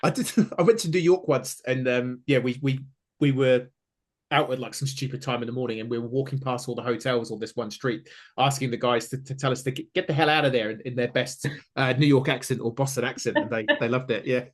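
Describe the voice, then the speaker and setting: Chatty New man, casual podcast host, middle-pitched, lots of ums. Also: steady tone, fairly quick. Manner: chatty, upbeat, many fillers and restarts. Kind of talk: casual interview chat.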